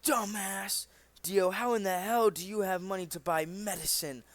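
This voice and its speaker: A drunken, abusive old father who barks crude orders, as a man reading a comic puts him on. The voice runs a little high and pushes loud. He is coarse and contemptuous. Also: fairly even intonation, moderate pace, no echo, natural voice. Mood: scornful. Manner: barking, crude.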